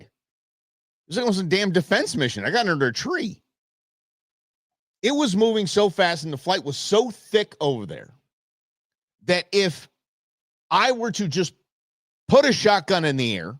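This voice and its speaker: A man hosting a live stream, telling a story in a chatty, expressive way. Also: sits high, no echo, clean studio sound. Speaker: livestream show host. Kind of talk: casual livestream chat.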